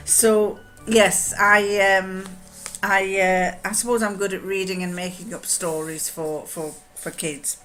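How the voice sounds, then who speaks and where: A woman's voice: medium pitch, steady tone, unhurried, sharp tone, faint music behind. Chatty older woman rambling on. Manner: rambling and chatty, many ums and restarts. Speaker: vlogger answering a tag challenge. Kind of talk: casual chat to camera.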